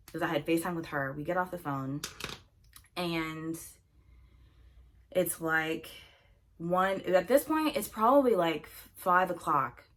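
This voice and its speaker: A young woman vlogger telling a storytime while doing her makeup, chatty and animated, acting out quoted dialogue with lots of filler words. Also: lowish voice.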